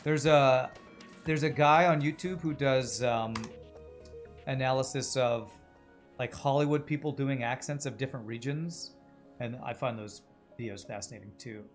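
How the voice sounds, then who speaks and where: A man in casual livestream chat, talking through his game and wandering off into musings about how voices work. His voice sits at an ordinary middle pitch, and soft game music plays faintly behind him. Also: moderate pace. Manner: chatty, muses aloud about voices and accents while playing. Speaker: streamer.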